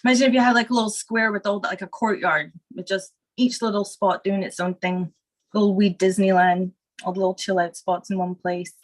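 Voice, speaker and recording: A woman's voice: mid-range voice, fairly quick. Rambling Scottish woman, stoned chat. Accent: Scottish, partly Americanized. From Scotland. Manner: rambling, relaxed, filler-heavy.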